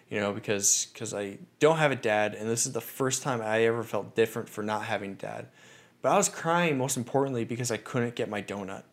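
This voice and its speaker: A man hosting a podcast, telling personal stories in a chatty, animated way. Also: fairly low pitch. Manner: chatty, animated, many fillers and restarts. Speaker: podcast host. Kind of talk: casual storytelling.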